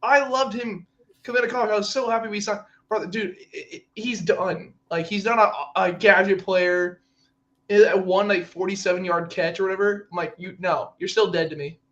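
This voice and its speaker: A man's voice: high-pitched, fairly even intonation, normal speed, a bit bright, lo-fi sound. A man co-hosting a sports podcast, ranting in exasperation and acting out players in mock voices during casual chat. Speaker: podcast co-host.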